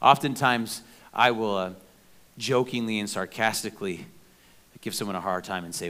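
A middle-aged man preaching a sermon in a conversational, animated way, with joking asides and playful sound effects. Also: lowish voice, moderate pace. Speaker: pastor.

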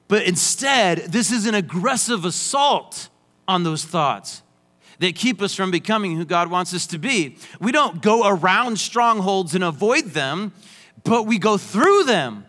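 A man's voice: high-pitched, very animated, slow, sharp tone. A young adult man preaching a sermon, emphatic with joking asides. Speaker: pastor. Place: church sanctuary. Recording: long hall reverb.

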